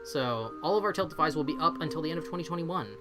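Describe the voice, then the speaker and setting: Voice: medium pitch, animated, quick pace, over loud music. A streamer in their forties, chatting casually and self-deprecatingly from a bedroom, swearing freely and laughing often. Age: 40s. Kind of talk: casual live-stream chat.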